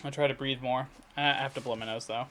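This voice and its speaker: A man talking casually in a daily video diary, rambling and halting with many fillers, restarts and throat clearing. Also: mid-range voice, steady tone, noisy background. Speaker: vlogger. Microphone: computer recording setup.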